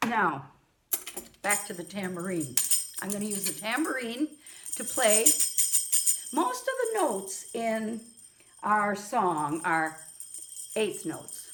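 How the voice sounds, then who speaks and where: A woman music teacher giving a gentle lesson to young children, chanting rhythm syllables and singing now and then. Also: medium pitch, sing-song, takes it slowly, pauses often, roomy sound.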